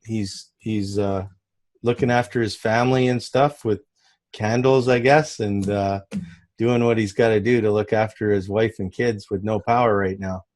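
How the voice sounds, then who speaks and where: A man's voice: lowish voice, fairly even intonation, normal speed, darkish tone. Upbeat man hosting a group call. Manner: upbeat, rambling, laughs easily. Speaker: call host. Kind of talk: casual group call chat.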